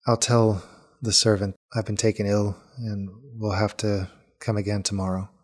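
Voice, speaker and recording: A man's voice: lowish voice, flat delivery, natural voice. A man voicing Roland, a dutiful, solemn brother. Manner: solemn, subdued and measured.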